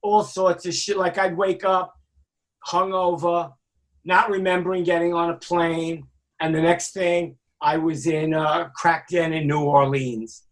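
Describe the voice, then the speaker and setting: High-voiced New man in his sixties. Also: a little slow. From Brooklyn, New York. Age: 60s. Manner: animated, acts out quoted voices, swears freely. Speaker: guest, music industry veteran. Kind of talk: casual storytelling interview.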